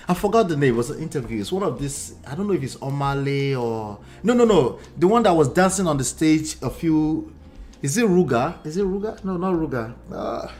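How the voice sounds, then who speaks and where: A man, a relationship coach and host, giving animated commentary in an exclamatory, teasing way full of rhetorical asides. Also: on the high side. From Nigeria.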